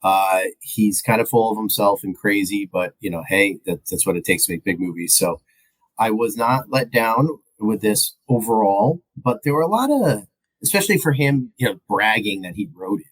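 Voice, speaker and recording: A man co-hosting a podcast, giving a rambling, animated film review and acting out movie lines. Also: fairly low pitch, normal speed, low-quality recording. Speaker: podcast co-host. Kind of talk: casual film review chat.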